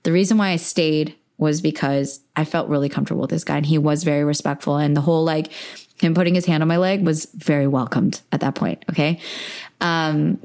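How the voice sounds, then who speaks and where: A woman's voice: deep voice, steady tone, fairly quick, a little mellow. A young woman hosting a podcast, candidly recounting a personal story in a chatty way, with frequent fillers and laughs. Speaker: podcast host.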